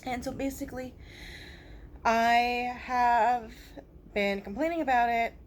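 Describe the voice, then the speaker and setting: A woman's voice: a little high, steady tone, slow, slight background noise. A woman vlogger talking straight into her phone camera about a personal complaint, blunt and profane, leaning on fillers like "basically" and "like".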